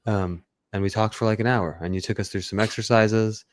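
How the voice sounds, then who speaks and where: A man's voice: fairly low pitch, fairly even intonation, brisk, no room sound, studio quality. A man hosting a podcast, chatting casually with a guest and affirming him, with frequent fillers. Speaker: podcast host. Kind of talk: casual interview chat.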